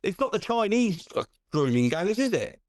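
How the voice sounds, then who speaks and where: Indignant British man, fast restarts. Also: sits high, no room sound, clean studio sound. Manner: indignant, animated, many restarts and "do you know what I mean". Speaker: podcast guest. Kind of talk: casual podcast chat.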